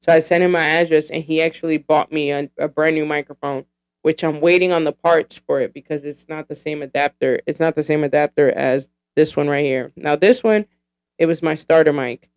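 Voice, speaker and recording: A woman in her thirties hosts her own podcast in a loose, rambling monologue. Her voice is smooth and clean. She swears freely and fills pauses with plenty of ums and likes. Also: sits low, steady tone. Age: 30s. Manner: rambling and profane, heavy with fillers. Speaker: podcast host.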